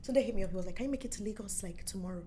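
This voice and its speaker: A young adult woman with a Nigerian accent, telling her story as an interview guest in lively, playful chat and acting out the voices of others. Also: medium pitch, rapid-fire, a little hiss or hum. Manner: animated, playful storyteller who acts out quotes. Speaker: musician and former radio presenter, interview guest.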